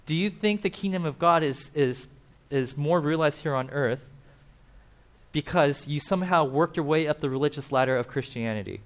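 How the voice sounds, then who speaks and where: A man's voice: a little high, normal speed. A man preaching a casual, conversational sermon at a church, explaining with asides and acting out quotes. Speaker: pastor.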